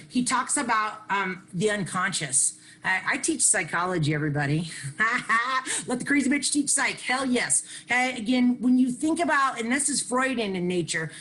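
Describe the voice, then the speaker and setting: A middle-aged woman, giving an energetic, self-mocking recovery share that she keeps punctuating with "hey" and "okay.". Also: mid-range voice, poor audio. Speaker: workshop speaker sharing on recovery.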